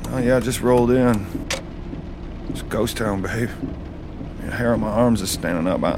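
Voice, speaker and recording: A man's voice: fairly low pitch, background noise, natural voice. A man playing a shaken man in a storm zone. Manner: shaken, halting. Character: man checking on a storm-struck home.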